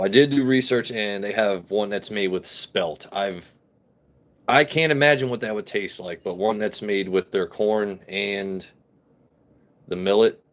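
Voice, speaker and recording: A man hosting a casual whiskey-tasting live stream, joking and greeting viewers in chat. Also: lowish voice. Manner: jokey, chatty, reads and greets chat. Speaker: livestream host reviewing whiskey.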